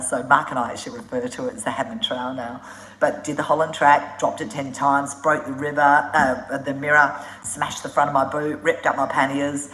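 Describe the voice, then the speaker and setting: A low-pitched woman chats on a live stream, spinning travel stories in a blunt, animated way and swearing without a second thought. She laughs often as she talks. Her voice bounces around a roomy, echoey space. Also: a little hiss or hum. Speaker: motorbike traveller hosting a live Q&A. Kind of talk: casual live-stream storytelling.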